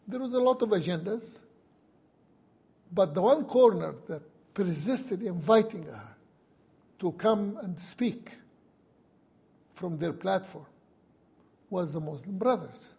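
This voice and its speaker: A man's voice: sits high, animated, slow, long pauses, dark tone, breathy edge. A man, a university professor, telling a personal story and recounting events with wry chuckles.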